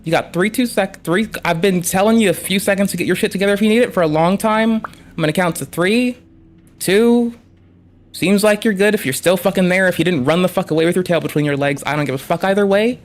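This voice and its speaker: A streamer doing reaction commentary on a livestream sounds annoyed and frustrated, talking in a heated, sarcastic way with lots of swearing. His mid-range voice moves fairly quickly, and there's a little hiss or hum in the audio.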